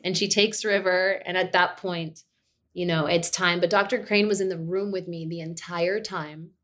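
A woman's voice: lowish voice, steady tone, moderate pace, a bit bright. A woman guest on a podcast, telling a personal story in a chatty way, full of "like" and "you know". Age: adult mother of two. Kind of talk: casual birth-story telling.

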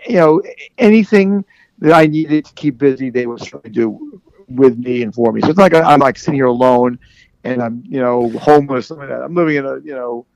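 A man with a gravelly, fry-edged voice talks in a rambling, candid way, full of restarts and fillers. His pitch sits in the middle of the range. The sound is dry and close. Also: fairly quick, a little mellow, no echo, highs cut off. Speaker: guest in recovery. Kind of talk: candid conversation.

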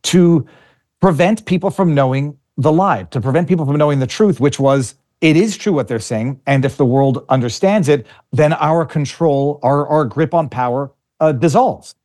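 A man speaks as an interview guest in a fairly high voice. He argues with fierce conviction and a combative edge, often stumbling and repeating words as he builds his point. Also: moderate pace, darkish tone. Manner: impassioned, combative, repeats words while gathering thoughts. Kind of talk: conversational interview.

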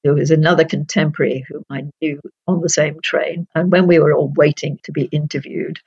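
Older woman guest, measured and precise, gravelly and husky, dry slightly dull recording. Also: sits low, fairly even intonation, darkish tone, no echo. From North Yorkshire, England. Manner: measured, precise, laughs often. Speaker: guest, retired senior judge. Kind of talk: reflective interview storytelling.

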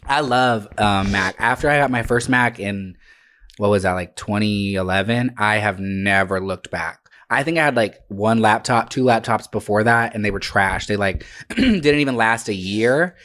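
A man with a low voice, chatting casually on a podcast. He gushes in slangy speech and often restarts his sentences midway. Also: normal speed, fairly bright tone. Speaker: podcast co-host. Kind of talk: casual chat.

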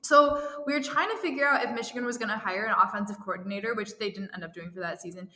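A woman's voice: medium pitch, quick pace, sharp tone. A young woman co-hosting a casual chat, reading fan fiction aloud and rambling with lots of fillers and giggles. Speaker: podcast co-host. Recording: echoey, reverberant room.

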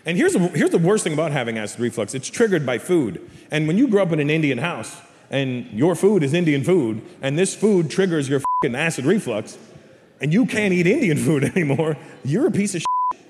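A man, a comedian guest telling animated stories in a casual radio studio interview. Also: a little high, a little fast, noisy background. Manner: animated storyteller acting out voices in his anecdotes. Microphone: studio microphone.

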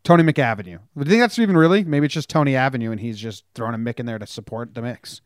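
A man hosting a casual sports podcast, upbeat and joking in fast banter with his co-host. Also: medium pitch, clean tone, no room sound, studio quality. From New Jersey.

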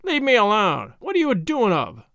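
A man voicing a gaunt, sulky woman servant who screeches in rough country speech, in a storybook reading. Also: very animated, a little fast, no room sound, clean studio sound. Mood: shrieking. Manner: shrill, rough rustic speech.

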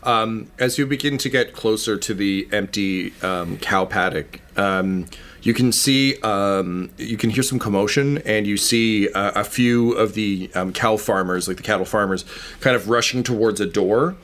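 A man's voice: fairly low pitch, unhurried, a bit bright. A man running a tabletop game as game master, narrating loosely with many ums and likes. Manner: rambling, full of fillers like um and like.

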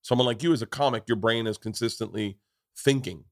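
A low-voiced man in his forties chats on a podcast, swearing freely as he tells his stories. He acts out the quotes with energy. The sound is dry and close. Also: brisk, dry recording. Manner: profane, animated storytelling with acted-out quotes. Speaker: podcast host. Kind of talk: casual chat, storytelling.

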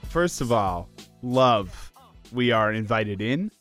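A man's voice: fairly low pitch, expressive, slow, over loud music. A man co-hosting a podcast, chatting casually and joking in a rambling, self-deprecating way. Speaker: podcast co-host. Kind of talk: casual comedic chat.

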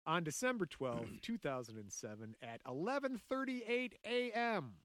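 A man's voice: sits high, very animated, normal speed, a bit bright, dry recording. A man hosting a podcast, telling a story in casual chat, joking and laughing often.

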